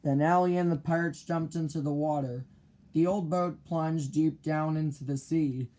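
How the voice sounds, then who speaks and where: A man reading a children's picture book aloud in a slow, clear storytelling manner. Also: a little high, steady tone, warm tone.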